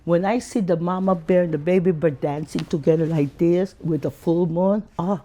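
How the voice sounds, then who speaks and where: A man, telling his life story as an interview guest in an animated way. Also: moderate pace. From Philippines. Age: 60s. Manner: animated, acts out quotes in high voices.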